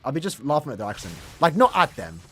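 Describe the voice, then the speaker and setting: Lively young male game streamer. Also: fairly high pitch, quick pace, soft background music. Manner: chatty, restarts words, laughs easily. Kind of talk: casual live-stream chat.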